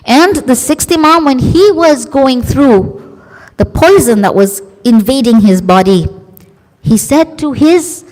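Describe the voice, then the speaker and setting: A woman preacher giving an emotive religious sermon, expressive and acting out quoted voices. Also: high voice, takes it slowly. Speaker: female preacher. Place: large community centre hall. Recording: long hall reverb.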